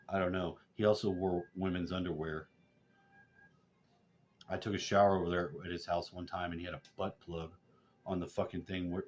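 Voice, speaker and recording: A middle-aged man telling loose, rambling stories and swearing constantly, getting loud and high when worked up. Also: a little hiss or hum. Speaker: vlogger. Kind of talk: rambling profane storytelling. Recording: dull lo-fi sound.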